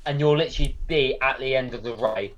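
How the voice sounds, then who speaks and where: A young man from Yorkshire with a Yorkshire accent, co-hosting a podcast in casual chat and telling jokey, animated stories. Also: medium pitch, quick pace. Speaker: podcast co-host. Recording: slightly dull lo-fi sound.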